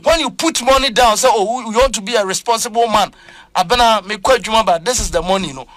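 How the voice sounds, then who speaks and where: A man with a Ghanaian accent, talking as a preacher on a church talk show, lively and emphatic as he mixes Twi and English. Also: high voice, fast talker.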